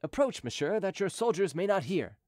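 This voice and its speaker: A sharp-tongued envoy in his middle years, quick to anger and dripping with sarcasm, as a man reads him in an audiobook. The voice sits high and swings widely. The sound is close and dry. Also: big pitch swings, no echo. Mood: insistent. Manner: exasperated, sardonic. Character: cunning middle-aged male royal envoy, quick-tempered.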